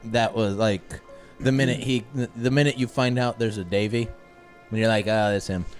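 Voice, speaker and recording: A man co-hosting a horror movie review podcast, giving hesitant, even-handed verdicts with many restarts. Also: on the low side, normal speed, faint music behind. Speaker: podcast co-host. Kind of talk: casual movie review chat.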